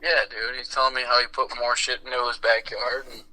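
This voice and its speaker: A man with a very bright, forceful voice chats on a podcast. He swears a lot and tells stories with lively energy. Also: medium pitch, fairly quick, low-quality recording. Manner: profane, storytelling, acts out quoted voices. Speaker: podcast co-host. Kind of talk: casual chat.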